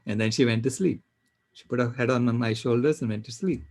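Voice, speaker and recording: An older man speaking on a panel, telling a personal story in an earnest, halting way with fillers. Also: medium pitch, darkish tone. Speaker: panel speaker, systems engineer.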